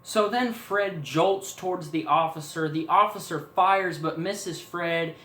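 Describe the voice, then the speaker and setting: A man's voice: fairly high pitch, measured pace, sharp tone, echoey room. A man casually retelling a horror story idea, rambling along with fillers and asides.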